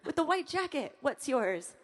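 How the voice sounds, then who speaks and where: A woman's voice: sits high, very animated, moderate pace, long reverb tail. A young woman from Southern California speaking on stage, playful and joking with the crowd. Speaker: conference speaker. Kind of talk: lively stage talk. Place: large hall on stage.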